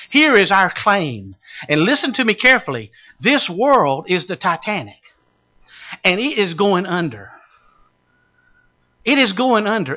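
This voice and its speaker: Man, preacher, sermon, dramatic loud and hushed delivery, bright forceful voice. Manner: dramatic shifts from shouting to hushed low tones.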